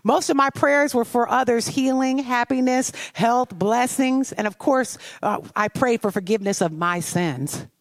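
A woman's voice: fairly high pitch, unhurried, hardly any pauses, no echo. A woman sharing a personal testimony as a devotional message, earnest and confessional, often turning to ask the listener questions. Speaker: devotional speaker.

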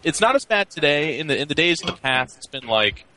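A man guest at a LAN center, telling stories in animated, casual chat. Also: on the high side, brisk, slight background noise, poor audio. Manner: animated storyteller. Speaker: guest player.

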